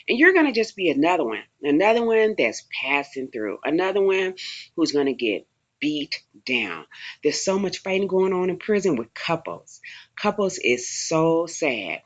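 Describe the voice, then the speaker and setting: A woman telling stories from her time in prison in a casual, emphatic way, repeating phrases to drive her warnings home. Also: low voice. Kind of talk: casual storytelling to camera. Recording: dull lo-fi recording.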